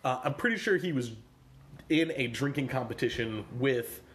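Deadpan man joking in casual chat. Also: medium pitch, moderate pace. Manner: deadpan, joking with his brother. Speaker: podcast co-host.

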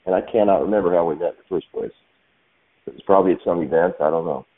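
A man hosting a casual talk show in a relaxed, easygoing way. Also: deep voice, fast. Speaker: podcast host. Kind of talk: casual chat. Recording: phone-like narrow sound.

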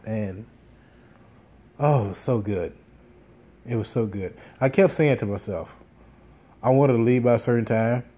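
A man's voice: medium pitch, dark tone. A man telling a casual, rambling story, swearing often and full of fillers and restarts. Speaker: podcast host.

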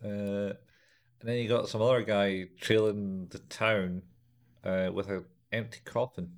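A man's voice: on the low side, level tone, unhurried. A man casually recapping an episode in a chat, rambling along and acting out quotes with laughs.

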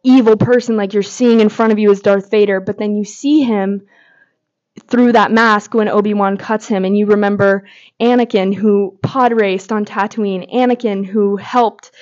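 A woman's voice: medium pitch, steady tone, moderate pace, darkish tone. Woman host, casual gushing fan commentary, medium voice, dull lo-fi recording. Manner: gushing, heavy filler words. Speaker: podcast host. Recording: slightly dull lo-fi audio.

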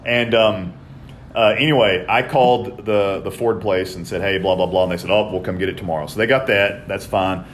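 A man, chatting casually on a podcast and telling stories in a profane, animated way. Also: lowish voice, fairly quick, a little hiss or hum. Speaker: podcast co-host. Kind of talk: casual chat.

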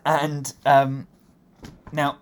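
A man's voice: a little high, monotone, very slow. A man riffing in a casual comedic chat, rambling with lots of fillers and amused laughs.

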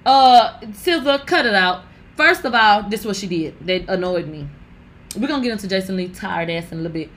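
A woman's voice: mid-range voice, lively intonation, a little fast, a bit bright. A young woman giving brash, profane gossip commentary, talking straight to her viewers. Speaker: commentary vlogger.

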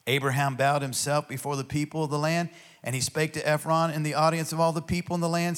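A man, a pastor, teaching a Bible study in an enthusiastic, conversational way, reading verses aloud and commenting between them and often clearing his throat. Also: a little high, flat delivery, normal speed, pauses often.

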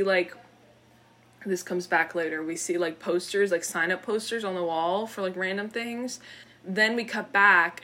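A woman co-hosting a podcast, telling a film's story in casual chat, acting out the characters' lines and saying "like" a lot. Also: lowish voice. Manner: animated storytelling, acts out characters' lines, many "like" fillers. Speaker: podcast co-host recapping a film. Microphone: studio microphone.

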